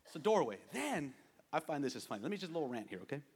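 A man preaching a sermon to his congregation, playful and animated, urging them to answer back with amens. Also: on the high side, very fast, husky. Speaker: pastor. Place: church sanctuary with a congregation. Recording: long reverb of a large hall.

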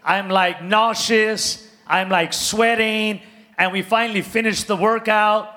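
Male pastor, high and bright, playful storyteller who works the crowd. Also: slow. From California, US. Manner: animated, playful, calls out to congregation. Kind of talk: sermon with comic storytelling.

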